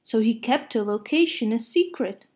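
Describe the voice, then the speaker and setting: A woman's voice: a little high, expressive, moderate pace, a little mellow, natural voice. A woman reading the lines of a gloomy old donkey in a children's story, dry and mournful. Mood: glum. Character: gloomy old male donkey, slow and glum.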